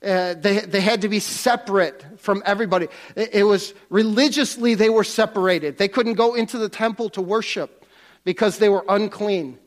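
Man, preacher, high voice, conversational sermon, repeats and restarts words, church. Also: moderate pace.

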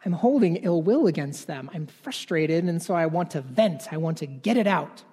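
A man's voice: on the high side, animated, normal speed, warm tone, breathy edge. A man in his thirties preaching a sermon, talking conversationally and often asking "right?". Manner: conversational, keeps adding "right?". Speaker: pastor. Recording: long reverb of a large hall.

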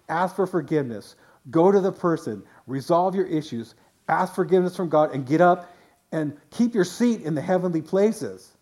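A man's voice: on the high side, a little mellow. A man pastor preaching a sermon in a conversational way, often restarting phrases and voicing quotes.

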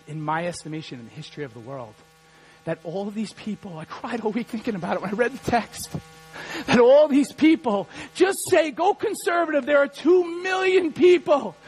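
A man preaching a sermon as pastor, animated and rising to shouts. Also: a little high, low-quality recording.

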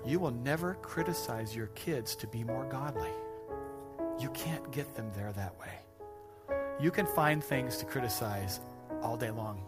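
Man, pastor, sermon, joking, self-deprecating, lively asides, medium pitch, music behind. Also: unhurried. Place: church stage before a congregation. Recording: music playing behind the speaker.

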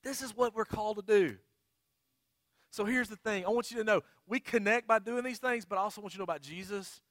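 A middle-aged man, a pastor, preaching a sermon, telling a funny story with big outbursts, then dropping into quiet, earnest appeals. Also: high-pitched, fast, dry recording, clean studio sound.

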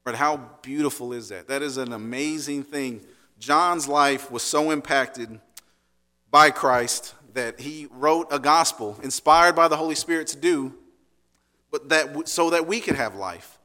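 A man's voice: a little high, measured pace, sharp tone, long reverb tail. A man preaching a sermon in a conversational way, often checking in with "right?" and restarting phrases. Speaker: pastor.

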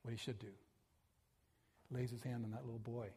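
In a church sanctuary, a man delivers a storytelling sermon at a normal pace, his mid-range voice carrying a breathy edge. He's animated throughout and gives voice to each character he describes.

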